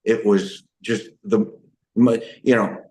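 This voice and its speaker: A man's voice: on the low side, steady tone, slow pace, dark tone, reverberant. A man telling his own recovery story in an emotional, rambling way, full of restarts and "you know". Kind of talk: personal testimony talk.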